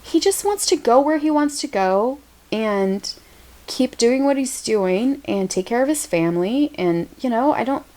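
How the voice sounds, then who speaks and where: A woman's voice: on the high side, lively intonation, measured pace, mellow. An American woman co-hosting a podcast, chatting casually and laughing often. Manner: giggly, chatty. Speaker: podcast co-host. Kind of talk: casual chat.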